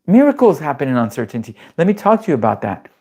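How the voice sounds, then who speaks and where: A man coaching nervous system calm in a live-streamed class, talking emphatically and bluntly with casual swearing, and throwing questions out to his audience. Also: fairly high pitch, fast.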